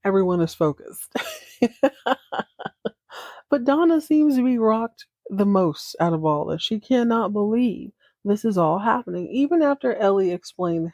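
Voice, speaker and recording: A chatty podcast host, a woman, who tells the story with playful asides and dramatic flair. Her middle-pitched voice sits on a dry, close recording. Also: expressive, unhurried, darkish tone, dry recording. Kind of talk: casual recap podcast.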